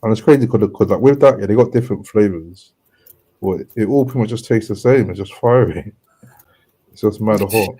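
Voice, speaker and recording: A man's voice: fairly low pitch, brisk, dark tone, breathy edge. A man chatting casually on a stream, laid-back and slangy. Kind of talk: casual chat.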